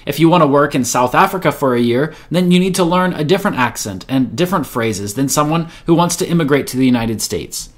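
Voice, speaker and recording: A man who is a native English speaker, giving a motivational English lesson and repeating his key points with emphasis. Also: a little high. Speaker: English teacher.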